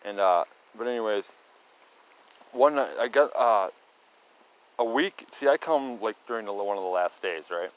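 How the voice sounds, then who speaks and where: A man's voice: fairly low pitch, lively intonation, moderate pace, pauses often, rough recording. Rambling middle-aged man telling a tale. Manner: rambling, restarts often, tags lines with "right?" and "okay?". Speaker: storyteller recounting local sightings. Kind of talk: casual rambling storytelling.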